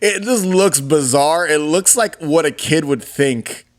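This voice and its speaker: A man in his thirties with a slightly high voice speaks at a measured pace as a podcast co-host. In a casual chat, he tells stories with animated enthusiasm and laughs along the way.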